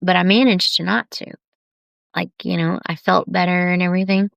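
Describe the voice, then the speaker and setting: A woman talking openly and tenderly on a live video about heavy times, unhurried and confiding. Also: fairly low pitch, steady tone, vocal fry, no echo. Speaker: artist sharing on a live video. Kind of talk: candid personal live stream.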